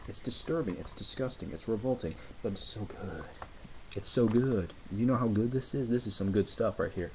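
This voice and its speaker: A man talking casually in a review video, rambling and gushing excitedly, a little out of breath. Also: on the low side, brisk, noisy background. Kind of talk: casual movie review vlog.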